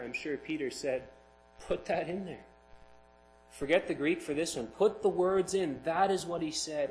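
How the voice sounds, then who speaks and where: A man's voice: medium pitch, slight background noise, poor audio. A man preaching a sermon, reading scripture aloud and explaining it with rising emphasis. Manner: expressive, builds to emphatic peaks.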